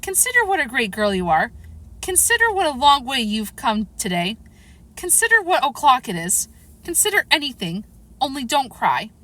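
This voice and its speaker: A woman reading aloud, voicing a fussy, muddled queen who lectures in a lofty way and breaks into shrill screams. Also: sing-song, moderate pace, sharp tone, full character voice. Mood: fussing. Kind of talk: audiobook character reading.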